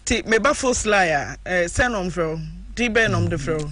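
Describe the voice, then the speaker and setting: A man with a Ghanaian accent hosting a casual radio call-in chat, animated and laughing often. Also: sits high, normal speed, background noise. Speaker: radio host.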